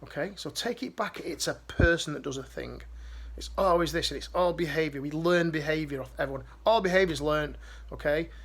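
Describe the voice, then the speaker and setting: A man's voice: fairly high pitch, fairly quick, a bit bright, husky. A man giving a motivational life-coaching talk to camera, emphatic and direct, repeating his key phrases.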